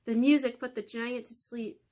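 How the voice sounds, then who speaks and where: A woman hosting storytime for children, reading a fairy tale aloud in a lively, expressive way. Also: a little high, normal speed.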